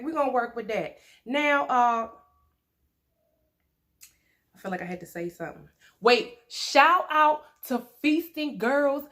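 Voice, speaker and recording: A woman, chatting playfully and laughing often as she eats on camera for her mukbang vlog. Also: high voice. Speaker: mukbang vlogger. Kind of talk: casual chat while eating.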